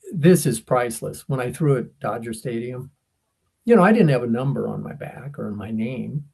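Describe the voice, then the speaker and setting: With a creaky, slightly rough mid-range voice, this older man from the United States co-hosts a podcast. His storytelling is casual and animated, and he performs the quoted voices of the people he describes.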